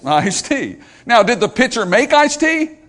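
A man's voice: extremely high pitch, sing-song, a little slow, a bit bright. A male pastor preaching a sermon, joking with the congregation and asking them questions.

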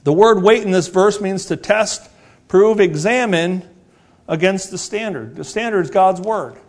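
Preaching in a high-pitched voice, a man in his forties delivers an earnest, repetitive sermon. He poses rhetorical questions and slows his delivery to stress important words.

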